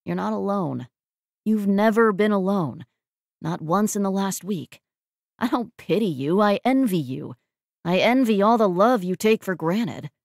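A woman voicing an apologetic, gently teasing man who speaks softly in an audiobook. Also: medium pitch, animated, unhurried, vocal fry, no room sound, clean studio sound. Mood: earnest. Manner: soft, repeatedly apologetic.

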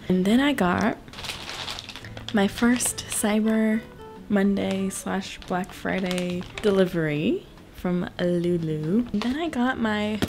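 A young woman chatting casually to camera at home in a lifestyle vlog, bubbly and excitable. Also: mid-range voice. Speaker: lifestyle vlogger. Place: at home in her room.

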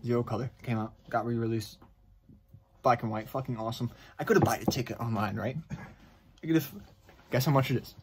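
Husky man ranting profanely. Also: medium pitch, a little fast, pauses often. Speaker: vlogger. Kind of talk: ranting vlog to camera.

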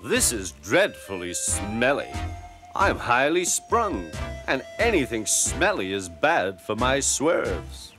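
A man's voice: mid-range voice, big pitch swings, takes it slowly. A man doing a prim, haughty lady railcar. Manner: prim, complaining, self-important. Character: fussy haughty female diesel railcar. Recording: background music.

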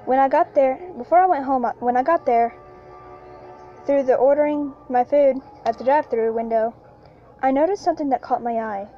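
Woman, horror story narration, halting with restarts, faint music underneath, lo-fi. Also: sits high. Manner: halting, with frequent restarts and repeated lines. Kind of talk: first-person horror story reading.

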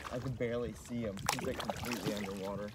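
A young man talking casually on a live stream from a kayak on a river, slangy, swearing and excitable. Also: lowish voice, rapid-fire. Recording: loud outdoor wind and water noise.

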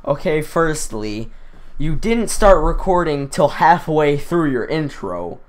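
A man's voice: fairly high pitch, big pitch swings, slow pace. A teenage boy giving casual, sarcastic commentary as he mocks another creator's video, rambling and loose with filler words. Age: teens. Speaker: YouTube roast commentator.

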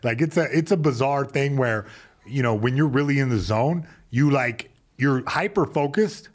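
A man on a podcast, talking loudly and emphatically with casual swearing as he breaks down fights. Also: mid-range voice, lively intonation, moderate pace. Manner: loud, emphatic, profane. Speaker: podcast guest, former fighter. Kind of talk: casual chat.

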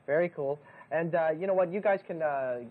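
A man's voice: fairly high pitch, brisk. A man hosting a kids TV show, trading casual banter with dry, teasing jokes. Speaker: kids TV host. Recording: tinny lo-fi 1990s TV tape.

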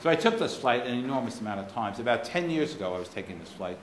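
A man's voice: mid-range voice, sing-song, quick pace. An American man with a faded Boston accent giving a keynote lecture, a wry, digressive storyteller with blunt asides. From United States. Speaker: keynote speaker. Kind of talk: anecdotal lecture. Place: lecture hall. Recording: roomy hall with faint noise.

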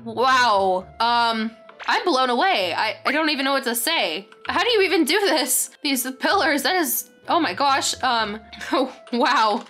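A young woman hosting a game tour, gushing with excitement and saying "very, very" over and over as she chats casually. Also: high voice, unhurried. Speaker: gaming channel host. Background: faint background music.

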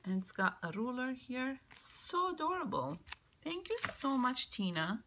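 A woman vlogger opening a birthday craft mail, gushing and excitable, now and then dropping into a whisper. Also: high voice, moderate pace, background noise. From Canada. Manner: gushing, excitable, keeps exclaiming how cute things are. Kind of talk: casual show-and-tell unboxing.

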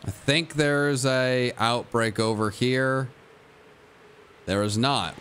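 A man's voice: mid-range voice, unhurried, a bit bright, slight background noise. A young man livestreaming a game, switching between a hyped, goofy streamer voice and glum, self-mocking mutters to his chat. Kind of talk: casual livestream commentary.

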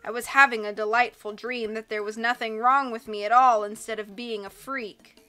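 A woman voicing a gloomy, self-pitying carnival performer man who speaks slowly and sighs. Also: fairly high pitch, steady tone, bright, forceful tone, soft background music. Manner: slow, sighing, mournful.

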